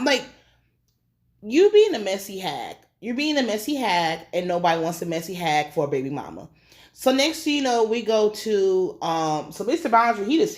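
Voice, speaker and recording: Animated, foul-mouthed woman recapping a show. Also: mid-range voice. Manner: animated, profane and slangy, acting out characters' lines. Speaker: TV episode reviewer. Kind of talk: casual recap commentary.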